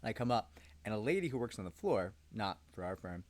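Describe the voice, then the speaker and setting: A man's voice: lowish voice, big pitch swings, brisk. A man who hosts a legal channel, telling a story casually with rambling, sarcastic asides and frequent ums. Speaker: lawyer host.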